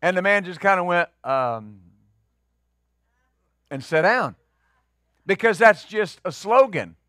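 A middle-aged male pastor preaching a sermon, conversational, rising into loud emphatic peaks. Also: sits high, expressive, slow pace, no echo, clean studio sound.

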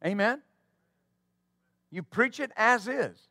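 A man's voice: high voice, animated, takes it slowly, pushed and bright, no room sound, studio quality. A male pastor preaching a sermon fervently, with call-and-response asides to the congregation.

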